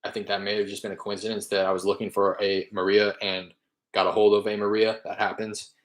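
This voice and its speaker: Man, low voice, casual rambling explainer, cold-calling walkthrough. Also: level tone, brisk, reverberant, slight background noise. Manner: casual, rambling, talks to viewers between calls. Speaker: real estate wholesaler cold calling. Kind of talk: explaining cold calls between live calls.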